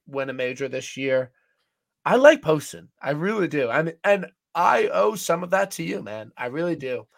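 A man co-hosting a casual golf-betting podcast, talking excitably in quick bursts and swearing freely. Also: on the high side, vocal fry. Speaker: podcast co-host. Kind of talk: casual sports-betting chat.

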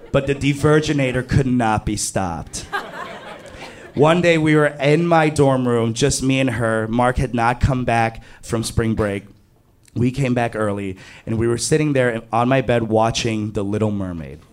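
A man telling a comic true story to an audience, animated and self-mocking, leaping high in pitch on exclamations.

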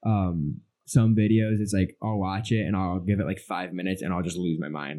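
Young man, podcast co-host, rambling casual stories, low voice, mellow tone. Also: fairly even intonation, fast. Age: young adult. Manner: rambling storyteller, acts out his own reactions. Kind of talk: casual chat.

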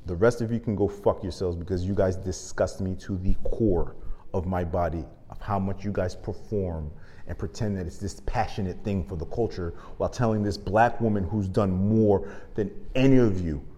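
A man hosting his own show, delivering a comic, impassioned rant full of profanity that swings from loud to muttered. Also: low-pitched, normal speed, in a large hall. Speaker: show host. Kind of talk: comedic monologue rant.

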